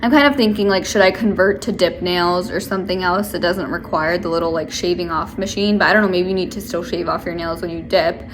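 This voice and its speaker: A woman's voice: on the low side, steady tone, fairly quick, few pauses, slight background noise. Young woman rambling in a casual vlog. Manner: rambling, venting, many filler likes. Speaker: vlogger. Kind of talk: casual chat to camera.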